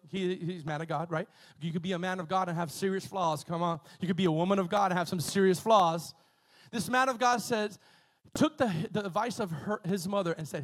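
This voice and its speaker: A man preaching a sermon, retelling a story in a lively, conversational way, with many repetitions and asides to the congregation. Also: high voice. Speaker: pastor.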